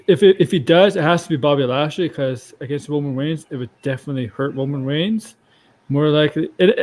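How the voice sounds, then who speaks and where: Hesitant man speculating on wrestling. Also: on the high side. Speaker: wrestling podcast panelist. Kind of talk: casual podcast chat.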